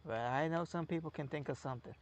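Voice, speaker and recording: A man's voice: on the high side, fast talker. A man streaming a game, chatting casually in a rambling, musing, self-mocking way. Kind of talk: casual gameplay chat.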